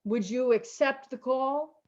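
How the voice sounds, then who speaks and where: A woman pastor preaching a slow, emotional, repetitive sermon over a video call. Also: sits high, highs cut off. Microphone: video call mic.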